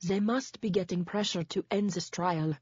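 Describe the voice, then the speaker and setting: A woman's voice: on the low side, normal speed, a little mellow, husky, dry recording. A woman doing an urgent male lawyer. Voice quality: urgent, pressing. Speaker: defense lawyer. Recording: dull, dry lo-fi recording.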